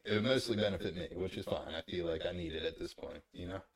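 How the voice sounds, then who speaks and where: A man's voice: low voice, fast talker. A man hosting a podcast in casual chat, laid-back and ending sentences with "man". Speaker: podcast host.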